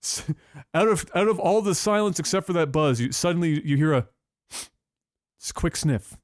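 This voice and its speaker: A young man telling a story on a podcast in a casual, profane, animated way. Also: a little high, fairly quick, dry recording, clean studio sound. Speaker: podcast co-host.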